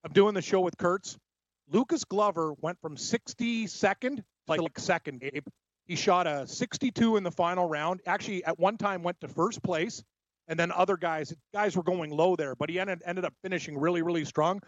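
A chatty, animated man talks through his betting picks like he is telling a story. His voice sits a little high and sounds dry and close. The recording is dull and lo-fi. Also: normal speed, no room sound. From Scotland. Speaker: sports betting co-host. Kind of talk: casual sports betting talk.

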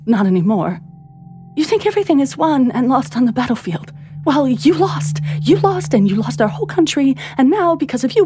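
A woman voicing a distressed young woman in a storybook, halting and emotional, over soft music. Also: fairly high pitch, voice pushed up, natural voice. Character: young woman, anxious and overwrought. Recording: soft music bed under reading.

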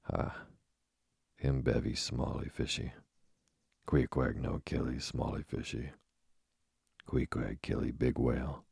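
Narrator guy doing a calm proud harpooner, deep gravelly, broken speech. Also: slow pace, long pauses, dry recording, studio quality, full character voice. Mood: disdainful.

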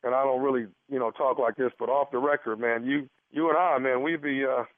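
A man's voice: medium pitch, fairly even intonation, fairly quick, dry recording, natural voice. Prank caller: a man doing a hesitant, stammering doctor, plain mid voice, tinny phone line, dry. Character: awkward, stammering male gynecologist.

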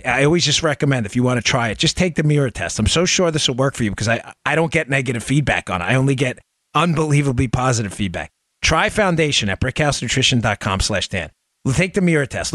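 A man's voice: mid-range voice, fairly bright tone, dry recording, clean studio sound. A middle-aged man hosting a political podcast, heated and emphatic, lecturing his listeners. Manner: brisk upbeat ad read.

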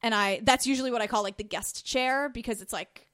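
A woman guest on a podcast, gushing and animated as she retells a story in casual chat. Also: a little high, fairly quick, dry recording, studio quality.

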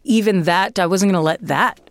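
A woman's voice: mid-range voice, fairly quick, dry recording. A woman guest casually telling a personal story, chatty and full of "like" and "you know".

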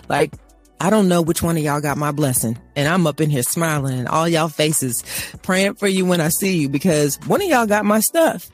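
On a faith talk show, this female co-host rants emphatically like a preacher, playing out small dialogues and laughing in between. She speaks at a moderate pace in a low voice with lively intonation, and faint music plays behind her.

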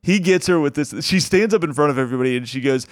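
A young male comedian tells a story in a casual, animated way, laughing through it. His voice is smooth and clear, recorded dry and close. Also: on the high side, fast talker, no room sound. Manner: animated, laughs often while telling the story.

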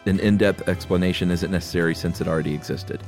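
A man co-hosting a podcast, reading listener mail aloud in a relaxed, casual way with easy laughs. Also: low-pitched, fast, faint music behind. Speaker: podcast co-host.

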